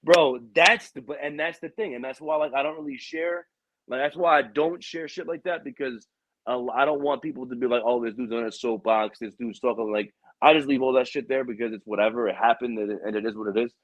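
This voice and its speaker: Podcast host, young man, husky, animated, profane storyteller, dry dull audio. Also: fairly quick, no room sound. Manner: animated, profane, acts out quotes with raised pitch. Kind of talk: casual storytelling chat.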